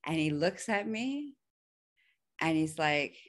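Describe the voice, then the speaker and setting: Podcast guest, woman, lower pitch, candid animated storyteller who laughs often. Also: slow. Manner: animated, laughs often, voice jumps high when quoting her own pleading.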